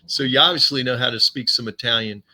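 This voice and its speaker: A man's voice: medium pitch, fast talker, bright, forceful tone. A man hosting a podcast interview, teasing and fond of putting his guest on the spot. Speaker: podcast host. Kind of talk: casual interview.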